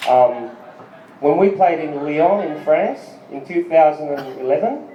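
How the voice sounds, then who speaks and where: A man's voice: fairly high pitch, expressive, unhurried. A man from Australia, doing a rambling, profane stand-up set with lots of ums and asides to the crowd. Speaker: stand-up comedian and band musician. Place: small live music venue. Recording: far-off lo-fi recording in an echoey venue.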